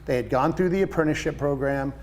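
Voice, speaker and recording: A man in his sixties, a painting business owner, chatting as a guest and telling lively stories with quoted voices. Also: mid-range voice, fast, a little hiss or hum. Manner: enthusiastic storyteller, animated quoted voices. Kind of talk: casual interview chat.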